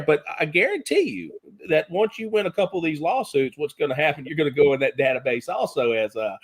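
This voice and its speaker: A man's voice: on the high side, lively intonation, husky. Hesitant man with a raised voice. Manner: hesitant, halting, with many fillers and restarts. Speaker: co-host. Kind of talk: casual talk show discussion.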